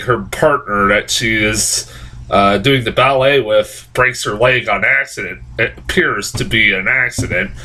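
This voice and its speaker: A man's voice: medium pitch, sharp tone, poor audio. Rambling, swearing male film reviewer. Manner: rambling, heavy fillers and restarts, frequent swearing. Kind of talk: casual spoken movie review.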